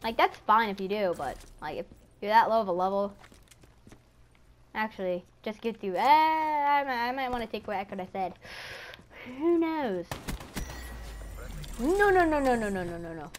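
A gaming YouTuber giving live commentary over a match, chatty and excitable, talking to enemies on screen and screaming when startled. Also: medium pitch, normal speed, slight background noise.

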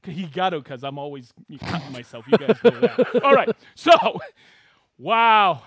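High, lively, excitable male show host. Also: moderate pace, no echo, studio quality. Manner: excitable, whoops while reading out viewer locations. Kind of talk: casual live-stream chat.

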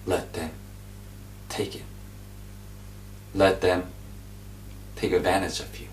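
A man preaching an informal sermon, repeating his points and exhorting his listeners, swinging between loud emphatic bursts and hushed whispers. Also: lowish voice, wildly swooping pitch, measured pace, long pauses. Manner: repetitive, exhorting, drops into asides. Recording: echoey room, voice from a distance.

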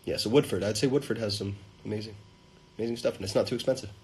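A man hosting a casual livestream, reading fan comments aloud and greeting viewers in playful, sudden loud bursts into a phone held at arm's length. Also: lowish voice, very fast, a little hiss or hum, low-quality recording.

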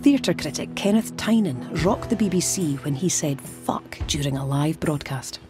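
A woman from Scotland with a Scottish accent, presenting and narrating a documentary in a brisk, wry way. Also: deep voice, lively intonation, over music.

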